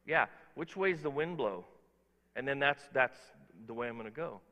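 Bright-voiced preacher man in a big hall. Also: mid-range voice, lively intonation, normal speed, lo-fi sound. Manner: emphatic, swings between quiet asides and loud exhortation; preaches directly to the congregation with questions. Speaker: pastor. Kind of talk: sermon.

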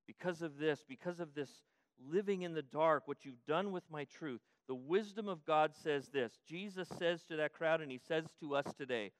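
Brief: older man, pastor, emphatic repetitive sermon, higher voice, dry close sound. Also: moderate pace, smooth, no echo. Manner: emphatic, repetitive preaching that often restarts and rises to loud peaks.

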